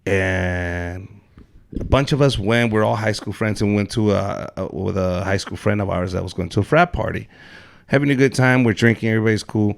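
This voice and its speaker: A young man hosting a podcast, telling loud, animated stories and swearing a lot. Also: lowish voice, moderate pace, creaky. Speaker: podcast host, comedian. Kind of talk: casual podcast chat.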